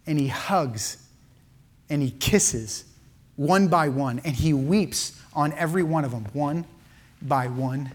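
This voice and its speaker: Impassioned male preacher, rising and hushing. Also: a little high, takes it slowly. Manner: emotional, swings from loud emphasis to hushed near-whispers. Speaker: pastor. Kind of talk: sermon.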